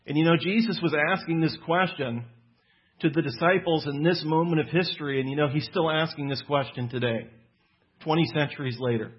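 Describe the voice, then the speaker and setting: A man's voice: fairly high pitch, slightly rough. A man preaching a sermon to a gathered audience in an earnest, teaching manner. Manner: earnest teaching, slows for emphasis on quotes. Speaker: pastor. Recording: dull lo-fi sound.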